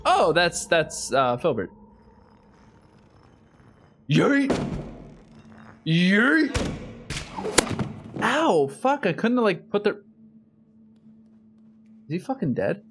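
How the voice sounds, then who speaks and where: A man's voice: sits high, very animated, takes it slowly, pauses often, a bit bright, a little hiss or hum. A young man commenting live on a horror game he is playing, swearing often and reacting in sudden outbursts. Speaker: streamer.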